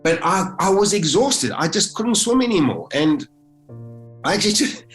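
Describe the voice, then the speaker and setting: A man's voice: high voice, normal speed, reverberant, faint music behind, rough recording. A man from South Africa, a podcast guest, recounting a survival ordeal vividly and acting out his own thoughts. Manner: animated, vivid retelling with acted-out inner thoughts. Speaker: interview guest. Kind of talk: emotional first-person storytelling.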